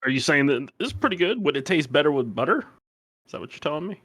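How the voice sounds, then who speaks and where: A man's voice: a little high, lively intonation, fast, a bit bright, no echo, clean studio sound. A man playing a tabletop game in a blunt, bossy, swearing manner. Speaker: player. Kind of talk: tabletop game role-play.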